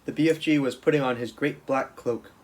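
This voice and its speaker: A man reading a children's storybook aloud in a steady, plain way, with small restarts. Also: medium pitch, a little fast, poor audio. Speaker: camp counselor reading aloud.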